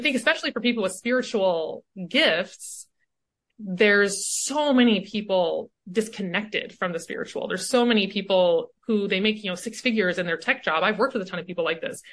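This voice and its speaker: A woman speaking as a coach and podcast guest in casual conversation. She is animated and keeps tagging her points with "right?". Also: mid-range voice. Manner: animated, often tags "right?".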